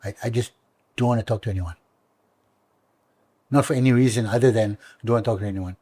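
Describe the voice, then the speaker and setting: Brief: middle-aged Malaysian English man, comedian guest, animated storyteller who does voices, dry close sound. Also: on the low side, fast talker, no echo. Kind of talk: casual interview chat.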